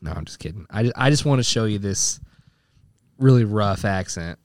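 Young male co-host, smooth clear voice, teasing casual talk. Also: lowish voice, animated, moderate pace, a little mellow, no echo. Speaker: podcast co-host. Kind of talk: casual chat.

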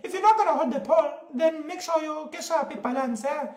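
Man doing a brash South African woman, very high voice, ranting and indignant, roomy echo. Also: fairly quick. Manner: loud, indignant ranting storyteller. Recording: roomy echoey clip.

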